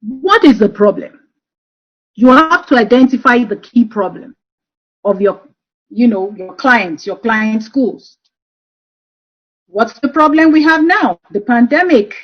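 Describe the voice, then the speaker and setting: A woman speaks in a slightly high voice over a dull, lo-fi video call. She talks through a webinar presentation, telling stories from her work and pausing often on "um". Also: lively intonation. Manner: warm storytelling with frequent um fillers. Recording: dull lo-fi online call audio.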